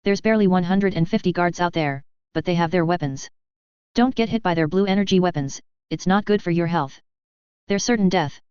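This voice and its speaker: Brief: cocky male British sergeant, brash and slangy, low smooth voice, read by a woman, dry dull recording. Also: a little fast, a little mellow, dry recording, natural voice.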